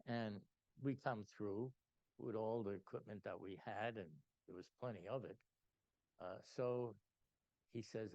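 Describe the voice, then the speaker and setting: An older man telling a personal story to a gathering, animated and full of restarts. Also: lowish voice, measured pace, long pauses, dry recording, lo-fi sound. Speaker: invited speaker.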